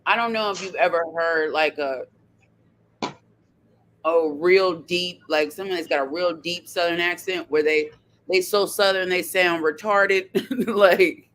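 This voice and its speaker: A woman hosting a casual podcast chat, animated and sassy, laughing often as she talks. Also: on the low side, measured pace. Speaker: podcast host.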